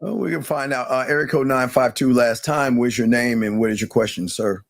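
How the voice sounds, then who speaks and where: A man's voice: mid-range voice, a little fast, vocal fry, dry recording, studio quality. A man hosting a live call-in show, quizzing callers and cutting them off when they ramble. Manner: bossy, impatient with callers.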